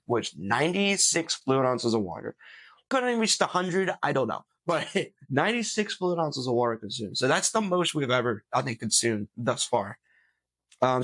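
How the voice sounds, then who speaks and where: A man's voice: medium pitch, fairly bright tone, dry recording. A man chatting in a casual weight loss vlog, upbeat and talkative with lots of fillers and restarts. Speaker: vlogger.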